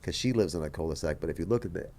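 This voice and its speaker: A man from Las Vegas with a deep voice, sitting in as a guest and spinning a tale in loose, casual talk. He swears a lot, gets animated and slips into other people's voices as he goes. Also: racing. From Las Vegas, USA. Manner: animated, profane, acts out other people's lines. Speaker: podcast guest. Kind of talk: casual storytelling.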